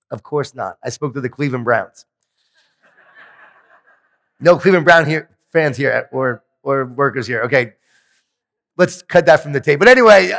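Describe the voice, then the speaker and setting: A man delivers a motivational keynote with a fairly high voice, telling lively stories and poking fun at himself. His voice rings through a large hall with a long tail of reverb. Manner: animated storytelling with self-deprecating humor. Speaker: keynote conference speaker.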